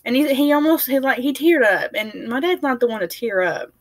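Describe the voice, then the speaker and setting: A woman's voice: sits high, expressive, fairly quick, no echo. A young woman chatting to camera in a rambling, casual way, laughing now and then and sounding tired. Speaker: family vlogger.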